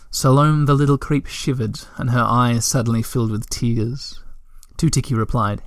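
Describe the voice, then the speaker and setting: A man reading a storybook aloud as narrator, at a steady, gentle pace. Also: mid-range voice, normal speed, dry recording, studio quality.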